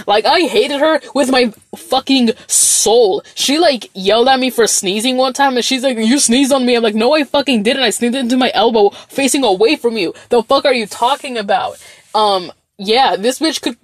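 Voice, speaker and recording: A woman's voice: on the high side, no room sound. Young woman, casual vlog storytelling, rambling, profane, dry close sound. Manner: rambling, profane, animated storytelling with many fillers.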